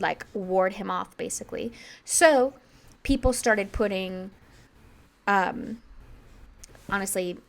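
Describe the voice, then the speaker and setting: Casual woman podcaster, rambly and chatty, fixes herself mid sentence. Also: mid-range voice. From Irish heritage, American. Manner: rambling, chatty, quick asides and self-corrections. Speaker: podcast co-host. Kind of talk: casual chat, storytelling.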